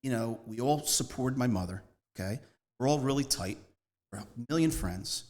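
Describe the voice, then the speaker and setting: A man, speaking at a mid-range pitch for a man. He tells his story as a guest in a loose, rambling way, leaning hard on key words and hopping from one anecdote to the next. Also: animated, normal speed, darkish tone. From Northeast Philadelphia. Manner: rambling, emphatic, jumps between stories. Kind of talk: casual storytelling interview.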